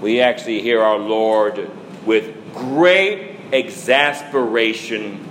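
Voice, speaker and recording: A man preaching a sermon in a slow, measured delivery, as a priest addressing his congregation. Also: lowish voice, fairly bright tone, slight background noise, rough recording. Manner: slow, measured preaching with dramatic quoted lines.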